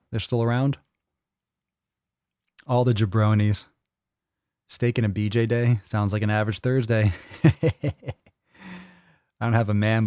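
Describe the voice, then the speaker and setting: Hosting a live fitness Q&A podcast, this man is crude and jokey, reading viewer comments and imitating others' voices to mock them. His voice is lowish and darkish, captured dry and at studio quality on a studio microphone.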